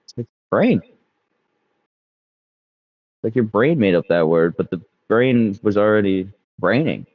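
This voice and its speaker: A man's voice: on the low side, animated, a little slow, no echo, narrow, tinny audio. A man hosting a gaming session, rambling and ranting with casual profanity as he chats with a friend. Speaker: gaming channel host.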